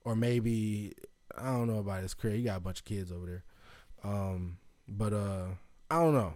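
A man's voice: on the low side, moderate pace, a little mellow, no room sound. A man hosting a casual solo podcast, rambling loosely with lots of restarts and fillers. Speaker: podcast host.

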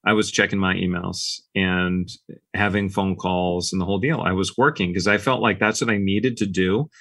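Man, low voice, dry close sound, relaxed anecdotal podcast guest. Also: moderate pace, no echo. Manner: relaxed, anecdotal, acts out quoted dialogue. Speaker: business owner guest. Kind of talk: casual podcast storytelling.

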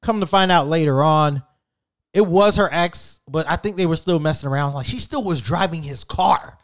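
A man in his thirties casually telling a story in an animated, slangy way, with frequent swearing. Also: a little high, normal speed. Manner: animated, profane, slangy and conversational.

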